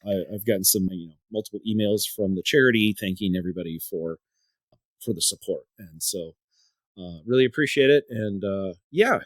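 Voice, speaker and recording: A man's voice: fairly low pitch, no room sound, clean studio sound. A man hosting a podcast in casual chat, telling a story in a rambling way and often repeating and restarting his words. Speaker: podcast host.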